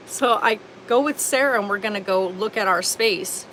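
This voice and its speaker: A woman's voice: mid-range voice, moderate pace, hardly any pauses, a bit bright, slight background noise, rough recording. A woman vlogging outdoors at an RV park on a phone or camera, telling a story in an earnest, indignant, rambling way with lots of fillers. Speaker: homestead vlogger. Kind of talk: casual storytelling vlog.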